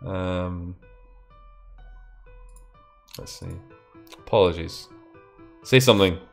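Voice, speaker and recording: A man's voice: low voice, slow pace, soft background music. A young man hosting a game stream, chatting and teasing a guest in a casual, joking way. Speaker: streamer host. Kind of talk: casual gameplay chat.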